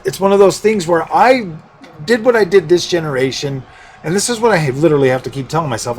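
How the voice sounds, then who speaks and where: Man, tech YouTuber, casual rambling commentary, dry sarcasm, slightly high voice, faint background hiss. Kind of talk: casual talking-head commentary.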